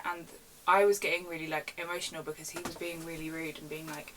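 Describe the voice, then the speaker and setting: A young woman rants casually on her vlog, retelling customer service stories in a chatty, animated way from her bedroom at home. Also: on the low side, fairly quick, distant mic, a little hiss or hum, poor audio. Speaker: vlogger. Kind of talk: casual storytime rant.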